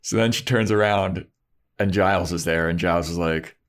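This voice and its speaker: A man's voice: moderate pace, clear, resonant tone. A man in casual chat, recapping a TV episode and acting out the characters as he retells it. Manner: animated retelling, voicing characters with pitch jumps. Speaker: podcast co-host recapping a TV episode.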